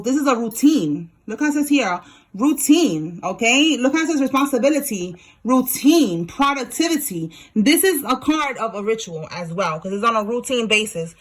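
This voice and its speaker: A woman with a slightly high voice leads a casual tarot reading and talks straight to her viewers. Her tone is blunt and slangy, and she swears freely. She keeps it loose and chatty throughout. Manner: talks to viewers directly while pulling cards. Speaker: tarot reader.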